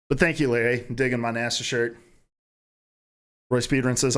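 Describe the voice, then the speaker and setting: Young man, gaming news host, casual and profane, acts out imagined dialogue, average pitch. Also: normal speed, long pauses. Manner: profane, animated storytelling, acting out imagined dialogue. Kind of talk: casual news rundown with comic riffs.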